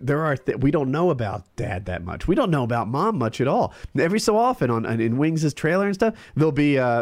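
A man's voice: mid-range voice, a little mellow, no room sound. A man hosting a casual podcast chat, rambling with frequent restarts. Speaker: podcast host.

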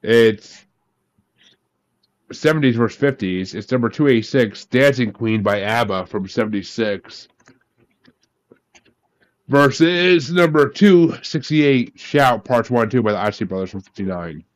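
A man's voice: mid-range voice, animated, a little slow, long pauses. A man hosting a casual group podcast, talking with profane enthusiasm. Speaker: podcast host.

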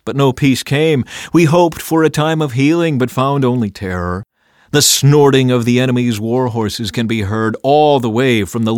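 A man of middle pitch reads scripture in a measured, solemn and dramatic way. It is a scripted narration, recorded dry and close. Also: no room sound. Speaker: scripture reader.

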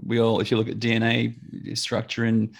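A man's voice: mid-range voice, monotone, fairly quick, creaky. A man, a father speaking bluntly and with firm opinions in a casual discussion. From Australia. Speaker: guest, father.

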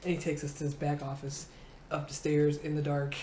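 A comedian in her forties tells a childhood story in an interview, lively and laughing, acting out the people in it. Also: sits low, brisk. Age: 40s. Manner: animated, acting out voices, laughing. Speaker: comedian guest. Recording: roomy echo, faint noise.

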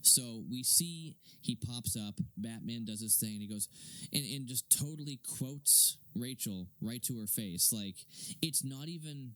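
A young adult man co-hosting a casual film review podcast, animated and quick to laugh as he acts out scenes. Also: medium pitch, dry recording. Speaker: podcast co-host.

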